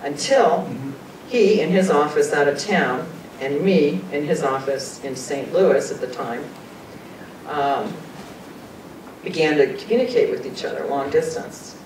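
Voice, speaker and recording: A woman tells her personal story in an earnest, chatty way, sometimes moved almost to tears. She sounds far from the mic in a reverberant meeting room. A low rumble runs beneath her voice. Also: unhurried, darkish tone. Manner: earnest, conversational, often laughs and quotes people. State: emotional, choking up at times. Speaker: guest speaker sharing personal experiences.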